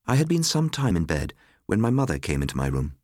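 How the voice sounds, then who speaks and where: A man reads a ghost story in a very deep voice that stays lively and expressive. His telling is measured and melancholy. The sound is close and dry. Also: dry recording. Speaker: narrator. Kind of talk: scripted ghost story reading.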